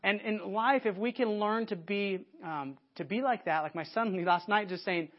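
A man preaching a conversational sermon to a church audience, lively and often restarting his sentences. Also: high-pitched, normal speed. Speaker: pastor. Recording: dull lo-fi sermon recording.

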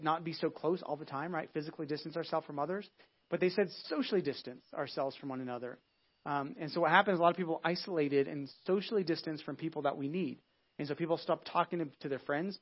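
Man preaching a casual sermon, lo-fi. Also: on the high side. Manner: conversational, frequent "right?" and restarts. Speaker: pastor. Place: church sanctuary.

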